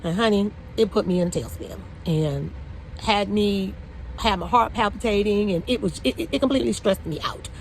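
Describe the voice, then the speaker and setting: Woman, forties, gravelly voice, chatty storytelling, lots of fillers, faint background noise. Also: mid-range voice, normal speed, rough recording. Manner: conversational, frequent "you know" fillers, emotional outbursts. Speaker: hairstylist telling her story. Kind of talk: personal storytelling monologue.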